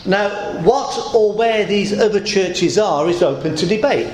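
A man preaching a sermon to a congregation, leaning hard on key phrases and repeating them slowly, with dry asides. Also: high voice, darkish tone, a little hiss or hum. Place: church hall. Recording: echoey church hall.

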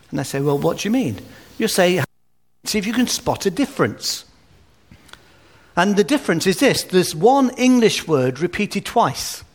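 Gently humorous preacher, slightly high voice. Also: male voice. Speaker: pastor. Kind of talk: sermon at a baby dedication.

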